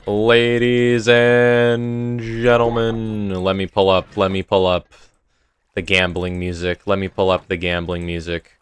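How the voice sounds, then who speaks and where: A young man with a very deep, low voice, chatting loosely to his stream while he plays. His throat sounds sore, and he rambles from one thought to the next into a desk mic. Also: completely flat delivery, normal speed, fairly bright tone, clean tone. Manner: rambling, talks to chat between game tasks. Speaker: live streamer. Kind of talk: casual live-stream chat while gaming. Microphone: desk mic with noise gate.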